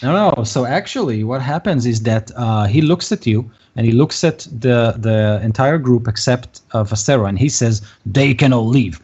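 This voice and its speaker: A male game master narrating a tabletop session, halting and full of fillers as he thinks aloud. His voice is mellow and a little husky, heard through a dull, muffled voice-chat line. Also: medium pitch, animated.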